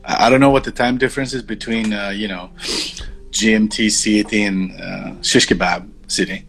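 A man's voice: fairly low pitch, steady tone, normal speed, gravelly, a bit bright, soft background music. A man co-hosting a casual podcast, joking and rambling with lots of fillers and swearing. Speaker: podcast co-host. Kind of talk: casual chat.

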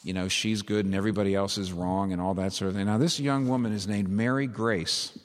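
A man's voice: on the low side, fairly even intonation, fairly quick. A man preaching a sermon, retelling a story vividly and with emphasis before leading a prayer. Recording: long hall reverb.

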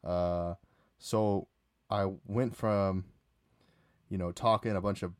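A man with a lowish voice tells a long night-out story on his own podcast. He rambles, stops and starts, and fills gaps with "uh" and "like". The sound is close and dry, with no room around it. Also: fairly even intonation, takes it slowly, smooth, no room sound. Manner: rambling, many fillers and restarts. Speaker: podcast host. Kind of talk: casual solo storytelling.

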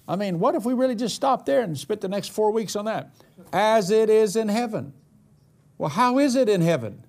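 A male pastor delivering a sermon in a high, lively voice that swoops up and down. He stretches out key words for emphasis and hurries through side remarks. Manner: dramatic, emphatic preaching with slow drawn-out declarations.

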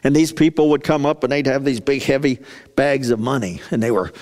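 A man's voice: medium pitch, brisk, a little mellow. A male pastor preaching a sermon in a chatty, storytelling way, often asking the congregation questions. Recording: long reverb of a large hall.

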